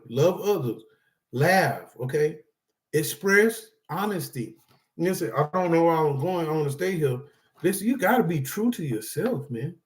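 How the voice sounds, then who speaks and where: A man with a fairly high speaking voice gives motivational advice indoors, reading from his notes. He rambles loosely and keeps checking in with his listeners. His tone stays casual and encouraging throughout. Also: a little mellow. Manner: loose and rambling, talks straight to viewers with frequent "all right?" and "okay?". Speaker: support group speaker.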